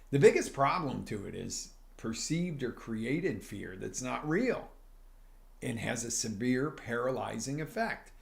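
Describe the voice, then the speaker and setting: A man coaching live on a stream, his voice grainy and gravelly at a middling pitch. He talks straight to his viewers with plenty of energy and acts out little scenes to make his points. It has the sound of a motivational live broadcast. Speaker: life coach.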